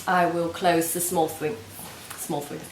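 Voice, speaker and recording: A woman's voice: lowish voice, level tone, unhurried. Chatty woman in a roomy room. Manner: chatty and gushing, many ums and restarts. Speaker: knitting podcast host. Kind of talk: casual video podcast chat. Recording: roomy home recording with faint hiss.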